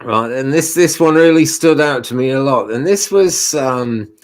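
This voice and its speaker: A man's voice: mid-range voice, normal speed. A man, a guest medium, chatting casually on a live stream, hesitant and searching for words. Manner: hesitant, many fillers and restarts, laughs softly.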